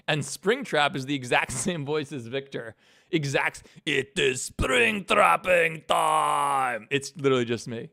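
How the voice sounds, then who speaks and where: A man's voice: medium pitch, fairly bright tone, dry recording, clean studio sound. A man hosting a casual stream, walking through his animation work in a laid-back, joking way, swearing and laughing often. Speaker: animator and channel host.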